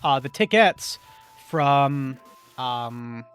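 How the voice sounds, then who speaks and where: A man narrating a tabletop role-playing game as game master, pausing with many fillers. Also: medium pitch, lively intonation, a bit bright, clean tone, soft background music.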